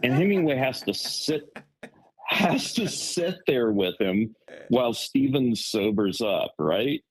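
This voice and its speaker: A man on a podcast telling a story in casual chat, rambling and animated with lots of fillers. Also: mid-range voice, slow, crowd noise, low-quality recording. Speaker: podcast co-host.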